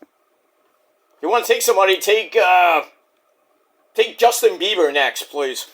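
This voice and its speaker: A man hosting a casual, profane wrestling review, jokey and animated, who keeps breaking into impressions. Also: sits high, a little slow. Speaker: wrestling reviewer, channel host.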